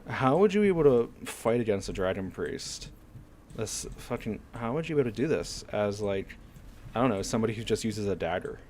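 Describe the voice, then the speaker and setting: Frustrated swearing gamer man, lively pitch. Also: a little fast, a little hiss or hum. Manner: frustrated, swearing, talking to himself. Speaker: streamer. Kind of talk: casual gameplay commentary.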